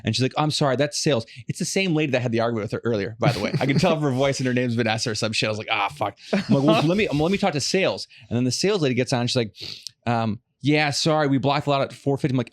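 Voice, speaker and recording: This Los Angeles–area man hosts a podcast and launches into fast, swear-filled storytelling rants during casual chat. His voice is mid-range, recorded with no room sound.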